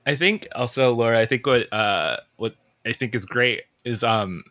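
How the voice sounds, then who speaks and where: A man's voice: mid-range voice, moderate pace, sharp tone, no echo, studio quality. A man guest on a podcast, chatting casually in an emotional, rambling way and second-guessing himself. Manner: emotional, rambling, self-questioning. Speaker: podcast guest, entertainment writer.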